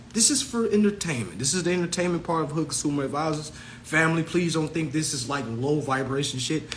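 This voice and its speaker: A man with a high, bright voice tells a story straight to his viewers, jumping from loud outbursts to low asides. His pitch swoops all over the place, and he laughs often as he talks. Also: a little hiss or hum. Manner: excitable, swings between shouting and muttering, laughs often. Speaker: host of a consumer advice channel. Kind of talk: casual storytelling rant to viewers.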